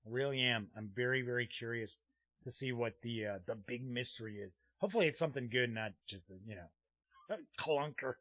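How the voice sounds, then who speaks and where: A man's voice: mid-range voice, brisk, pushed and bright, no room sound. A man hosting a live-streamed tabletop gaming show, chatting casually and rambling with frequent "uh" fillers as he reads viewer comments aloud. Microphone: streaming desk mic.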